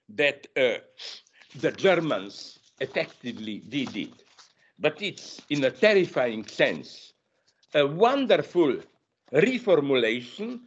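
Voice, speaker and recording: Animated male lecturer, dull lo-fi sound. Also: a little high, a little hiss or hum. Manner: animated, digressive, frequent self-corrections. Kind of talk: masterclass lecture. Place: university lecture room.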